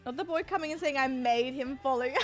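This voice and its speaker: A young Australian woman chats with her stream in a bubbly, animated way, her voice sitting fairly high. She jumps quickly up in pitch when she gets excited. Faint music plays behind her. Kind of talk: casual chat with viewers.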